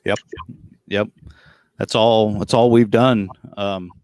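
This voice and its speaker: A man's voice: fairly low pitch, steady tone, takes it slowly, darkish tone, no room sound, clean studio sound. A man around forty, a tribute performer from California, telling stories in a rambling, easygoing way with many fillers on a video call from the front of a tour bus. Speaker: tribute performer, interview guest. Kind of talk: casual storytelling interview.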